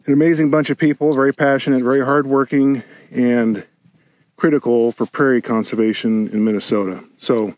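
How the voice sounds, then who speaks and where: A man's voice: medium pitch, moderate pace, dry recording, poor audio. Man reporting from a prairie. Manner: relaxed, chatty with fillers. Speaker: podcast co-host. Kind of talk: casual field update. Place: outdoors on a prairie. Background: birds and light outdoor noise.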